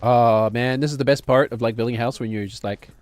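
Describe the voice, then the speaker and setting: A man's voice: mid-range voice, steady tone, quick pace, a little mellow, faint music behind. A man streaming a game, rambling and joking to himself as he plays. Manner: rambling, jokey, talks to himself while playing. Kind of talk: casual gameplay commentary.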